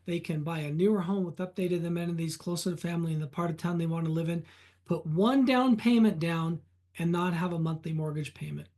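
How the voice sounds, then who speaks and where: A man being interviewed on a podcast as a reverse mortgage specialist, telling client stories in an animated way. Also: a little high, brisk. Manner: animated anecdotes, retelling client conversations.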